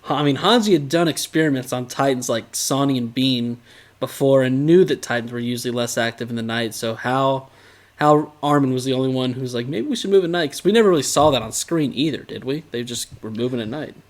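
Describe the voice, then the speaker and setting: A man's voice: mid-range voice, a little fast. A man co-hosting a casual podcast, recapping an episode with a teasing, sarcastic edge and jokey asides. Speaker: podcast co-host.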